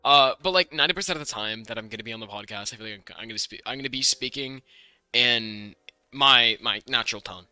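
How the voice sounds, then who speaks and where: Young American man, podcast co-host; very bright, dry-miked, rambling and restarting. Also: medium pitch, clean tone, no room sound. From United States. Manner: rambling, many restarts, fast bursts. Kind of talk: casual chat.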